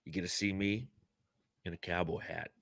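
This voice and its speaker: A man's voice: sits low, fairly even intonation, normal speed, gravelly, a bit bright, no room sound, clean studio sound. A man hosting a casual sports podcast, joking around and sometimes slipping into a put-on cowboy drawl. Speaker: podcast host.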